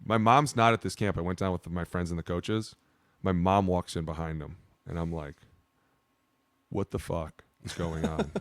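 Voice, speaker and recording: A man in his thirties, a podcast co-host telling stories in a loose, profane, animated way. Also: sits low, moderate pace, no echo. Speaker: podcast co-host, former player. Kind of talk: casual storytelling chat.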